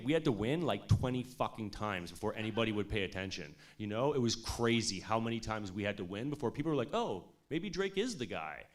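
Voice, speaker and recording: A man in his thirties telling a casual, animated story about his studio years, peppered with swearing and "like" and "you know". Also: medium pitch. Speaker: music producer speaking at an industry showcase.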